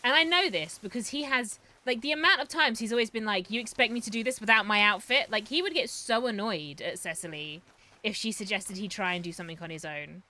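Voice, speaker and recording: A young woman streaming live, giving casual, excitable, profane commentary on her game and talking to her chat. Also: medium pitch, brisk.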